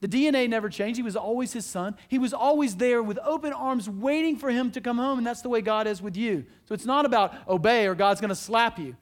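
A man's voice: extremely high pitch, a little fast, few pauses. A man preaching a sermon as pastor, earnest and conversational, asking his listeners questions and restarting his sentences often.

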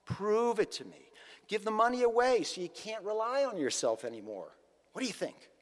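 A man's voice: high voice, big pitch swings, normal speed, big-room sound, voice pushed up. A man voicing a patient, loving teacher who questions directly and coaxingly.

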